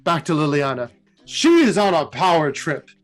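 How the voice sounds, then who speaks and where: High-voiced man retelling lore. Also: normal speed, soft background music. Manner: animated storytelling. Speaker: host.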